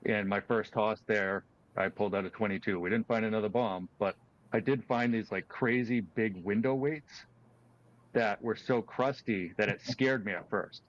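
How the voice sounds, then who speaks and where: A man hosting a casual chat, telling his own story in a relaxed, chatty way with restarts. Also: lowish voice, normal speed. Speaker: host. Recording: dull lo-fi sound.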